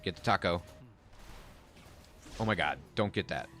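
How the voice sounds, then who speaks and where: A man with a very low, deep voice gives chatty gameplay commentary, reacting aloud as things happen on screen. Faint game music plays softly underneath. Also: expressive, a little slow. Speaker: game streamer.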